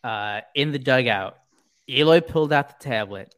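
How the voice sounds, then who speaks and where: Animated sports podcast co-host. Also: moderate pace. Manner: animated, acts out players with high put-on voices. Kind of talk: casual sports chat.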